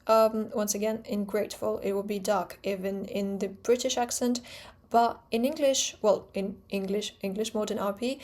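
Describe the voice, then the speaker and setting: A woman with a Russian accent who speaks Russian natively, explaining her own accent-training method in quick, precise steps and stressing example sounds. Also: medium pitch, steady tone, darkish tone. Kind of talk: explanatory talk to camera.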